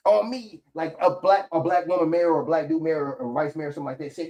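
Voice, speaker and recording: Man, casual reaction commentary, swearing, worked-up ranting, fairly high voice. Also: fairly even intonation, quick pace, few pauses, a little mellow. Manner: heated, profane ranting. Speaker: political commentator.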